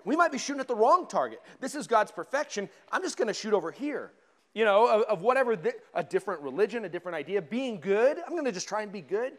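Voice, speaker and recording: A man's voice: high-pitched, sing-song, fast talker, a bit bright. A male pastor from giving a conversational sermon in a church, with humorous asides to the congregation. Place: church sanctuary.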